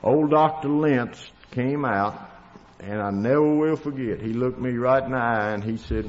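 A Southern man from Tennessee tells his own hard-luck story in a folksy, plainspoken drawl, his pitch sitting in an ordinary middle range. The recording is dull and lo-fi, and his voice rings with a long reverb as if he is speaking in a big hall. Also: unhurried, slight background noise. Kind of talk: storytelling testimony.

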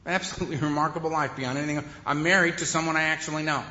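A man's voice: on the high side, fairly even intonation, very fast, sharp tone, slight background noise. A man speaking at a recovery meeting, telling his own story in a wry, conversational way and often laughing. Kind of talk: humorous personal storytelling. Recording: echoey hall, dull sound.

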